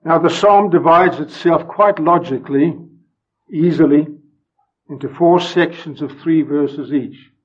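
Slow, husky preacher man, dull recording. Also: on the high side. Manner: solemn, emphatic, swings from loud to hushed. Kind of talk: sermon.

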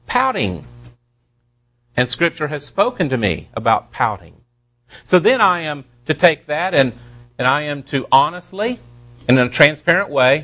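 A pastor preaching a sermon to his congregation, slowing down to stress key words and dropping playful asides. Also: fairly high pitch, fairly bright tone.

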